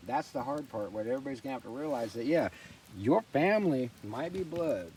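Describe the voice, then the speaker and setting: A blunt, foul-mouthed man rants by a campfire, his voice at an everyday middle pitch. He sits back from the mic, so he sounds a little distant, with faint outdoor noise around him. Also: expressive, fairly quick, darkish tone. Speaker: host. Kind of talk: fireside rant.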